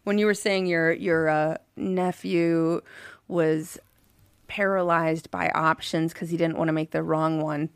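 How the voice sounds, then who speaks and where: A woman's voice: sits low, level tone, measured pace, smooth, dry recording, studio quality. A woman co-hosting a podcast in casual chat, blunt and reactive, swearing freely.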